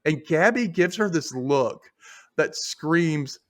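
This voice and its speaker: A man with a slightly high voice talks slowly as he hosts a casual podcast recap. He retells scenes with animation and acts out the characters' lines.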